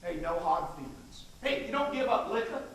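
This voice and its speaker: An actor playing a brash, domineering state governor, swaggering and coarse, on an echoey stage recorded from afar. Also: male voice, high voice, sing-song, moderate pace, a bit bright. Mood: forceful. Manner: swaggering, boisterous, coarse and persuasive. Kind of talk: stage play acting. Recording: echoey stage miked from far, faint noise.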